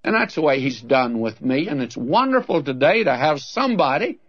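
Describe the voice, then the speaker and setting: A man's voice: a little high, sing-song, moderate pace, dry recording. An older man preaching a radio Bible sermon, earnest and folksy, pleading with his listeners. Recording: dull, dry lo-fi old radio recording.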